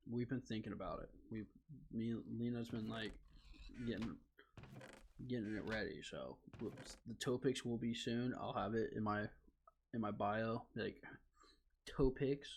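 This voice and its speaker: A young man livestreams from his home gaming setup, rambling through his plans with plenty of fillers and jokes at his own expense. His voice has a gravelly, creaky edge, and a faint background noise sits under the recording. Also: fairly low pitch. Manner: rambling, filler-heavy, self-deprecating. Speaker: streamer. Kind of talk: casual gaming livestream chat.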